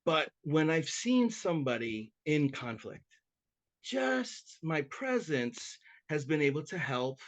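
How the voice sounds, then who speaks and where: A man's voice: on the high side, takes it slowly. A man who works as a mediator, chatting as a podcast guest and telling stories eagerly, often restarting and repeating words as he goes. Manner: self-described talker, animated and chatty. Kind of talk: conversational interview storytelling.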